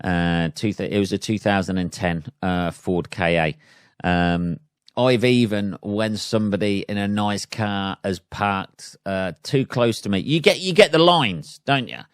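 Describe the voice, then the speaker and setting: A man's voice: on the low side, measured pace, clear, resonant tone, dry recording, studio quality. A man, a podcast host and stand-up comedian, ranting in a sweary, rambling, self-amused way in a casual solo chat.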